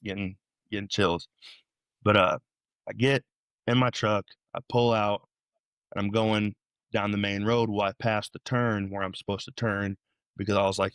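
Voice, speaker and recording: A young man recounts his story as a podcast guest. His voice sits low and sounds dry and close to the mic. He talks in an animated, rambling way, often doubling back and restarting his sentences. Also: normal speed, pauses often, clear, resonant tone, no echo. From Illinois, USA. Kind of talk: storytelling interview.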